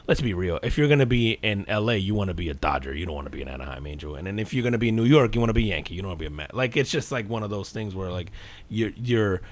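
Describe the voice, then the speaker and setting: On this podcast, a male co-host with a lowish voice fires off rapid baseball chatter. It's animated, meandering sports talk, heavy on profanity and "dude."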